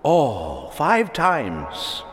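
A man's voice: a little high, huge pitch swings, very slow, fairly bright tone, long reverb tail, soft background music. A man preaching a sermon, emphatic, repeating key words and asking the congregation for agreement.

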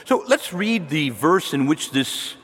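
A man's voice: on the high side, very animated, unhurried, fairly bright tone, breathy edge, big-room sound. A man preaching a homily as a priest, emphatic, repeating key words and adding rhetorical asides. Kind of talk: sermon.

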